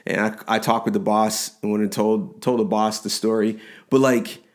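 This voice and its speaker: A man in his forties co-hosting a podcast, telling a story in casual chat with lively restarts and frequent laughs. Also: on the low side, moderate pace. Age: 40s. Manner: animated storyteller, rambling restarts, laughs often. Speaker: podcast co-host.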